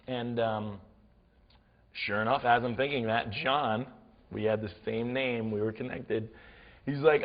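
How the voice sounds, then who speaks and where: A young man in his twenties telling a rambling, animated comic story in a dull lo-fi recording. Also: mid-range voice, brisk, long reverb tail. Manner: rambling, animated, lots of fillers.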